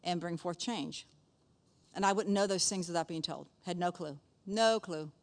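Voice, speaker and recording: A woman's voice: on the low side, steady tone, normal speed. A middle-aged woman teaching a conversational Bible lesson in a chatty way, often checking in with her listeners.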